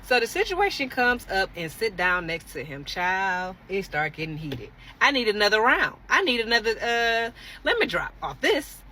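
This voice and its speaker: A young adult woman casually telling a dramatic dating story straight to her viewers, animated and expressive. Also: mid-range voice, normal speed, a little hiss or hum.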